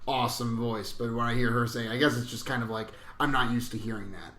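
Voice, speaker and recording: A man's voice: medium pitch, fairly even intonation, fast, sharp tone. Hesitant man in an echoey room. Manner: hesitant, filler-heavy. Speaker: podcast co-host. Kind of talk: casual film discussion.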